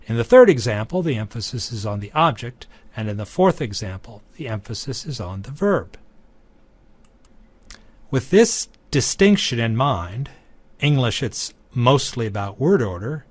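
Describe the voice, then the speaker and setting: A man giving a recorded lecture, teaching in a measured, deliberate way. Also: medium pitch, lively intonation, no room sound.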